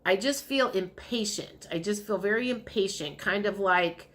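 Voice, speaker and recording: A woman's voice: medium pitch, moderate pace, hardly any pauses, a bit bright. A woman giving a casual tarot reading to her viewers, chatty and repetitive, sometimes acting out what the listener might say. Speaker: tarot reader.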